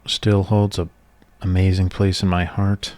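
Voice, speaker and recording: A man, talking in a soft-spoken ASMR chat, rambling and casual as he reminisces. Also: low-pitched, little pitch movement, unhurried, no room sound. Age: 30s. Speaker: ASMR creator.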